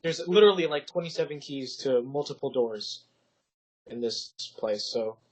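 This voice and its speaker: A man's voice: medium pitch, animated, normal speed, a little mellow. A young man narrating as dungeon master, rambling through his scenes with lots of fillers. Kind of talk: narrating a tabletop game. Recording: dull lo-fi podcast audio.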